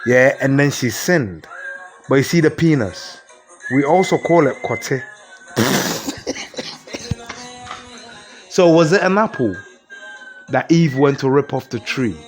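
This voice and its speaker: A man with a Ghanaian accent giving a comic mock lecture, explaining word by word and asking rhetorical questions. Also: mid-range voice. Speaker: comedian.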